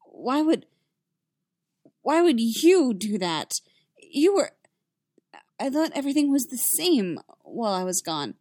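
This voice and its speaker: A woman voicing an anxious, shaken young man who speaks in halting restarts. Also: very animated, dry recording, clean studio sound, natural voice. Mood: distressed. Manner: higher and louder, halting restarts.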